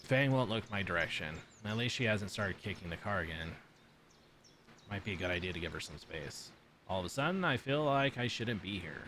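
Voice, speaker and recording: A man's voice: low voice, expressive, fairly quick, fairly bright tone, slight background noise. A man streaming himself reading a visual novel aloud in a casual way, with swearing and offhand asides.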